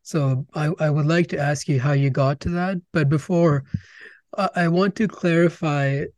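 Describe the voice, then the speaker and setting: Slightly high-voiced, excitable male host. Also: moderate pace, no echo. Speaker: podcast host. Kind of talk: podcast interview questions.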